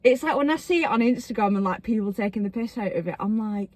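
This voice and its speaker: A woman's voice: medium pitch, animated, fast, no room sound. A young woman, chatting casually in a parked car, swearing freely and acting out quotes. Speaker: podcast co-host. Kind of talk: casual chat.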